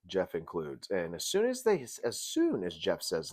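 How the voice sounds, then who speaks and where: A man hosts a casual review show in a very low voice that still swoops widely in pitch. He is jokey and animated, jumping between loud outbursts and quiet mutters. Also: normal speed, few pauses. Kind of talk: casual commentary.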